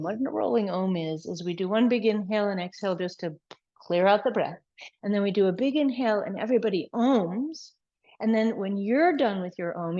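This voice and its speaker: Soft-spoken woman teaching yoga over video call. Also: medium pitch, no room sound. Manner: soft, gentle guiding voice. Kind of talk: yoga class instruction and chat. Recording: dull video call audio.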